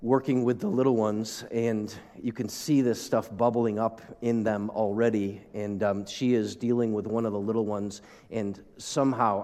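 A man's voice: on the low side, steady tone, normal speed, darkish tone. A man preaching a sermon as pastor, talking in a conversational way with asides to the congregation. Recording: long reverb of a large hall.

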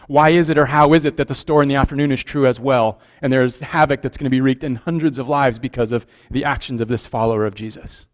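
A man preaching a sermon as pastor, speaking in an earnest, conversational way and checking in with the congregation with questions. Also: a little high.

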